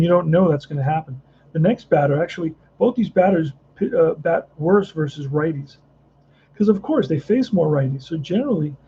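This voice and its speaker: Gravelly high-voiced man rambling over a tabletop game. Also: mellow, lo-fi sound, slight background noise. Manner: rambling, thinks aloud, restarts often. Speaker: tabletop baseball player narrating a replay. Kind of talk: casual play-by-play and chat.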